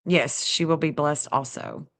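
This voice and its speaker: A woman hosting a casual livestream, chatty and excitable, talking straight to her viewers and laughing often. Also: sits low, unhurried. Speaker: livestream host reading astrology maps.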